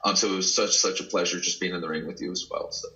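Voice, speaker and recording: A man from Dallas, Texas, a pro wrestler, telling stories in an earnest, animated way with many restarts in a casual interview. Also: sits low, fast, dull audio.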